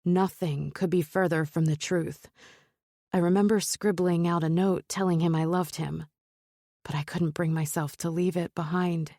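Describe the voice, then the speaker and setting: A woman narrating a romance novel in first person, in a measured, steady storytelling manner. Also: fairly low pitch, no room sound, studio quality. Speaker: audiobook narrator.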